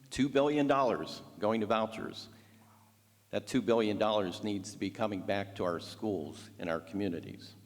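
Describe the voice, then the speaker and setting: Male candidate, low voice, punchy delivery, hall reverb. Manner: forceful, punchy campaign rhetoric. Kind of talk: closing statement speech.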